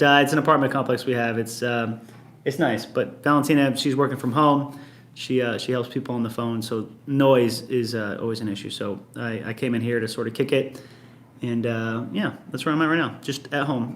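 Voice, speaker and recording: A man's voice: medium pitch, fairly bright tone, a little hiss or hum. A man in his early thirties, a band member hosting a casual live-stream Q&A from his apartment, rambling easily and reading out viewer comments. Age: early 30s. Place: at home in an apartment.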